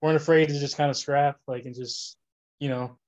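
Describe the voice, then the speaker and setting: A man in a casual movie discussion, relaxed and laughing easily. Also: medium pitch, fairly quick.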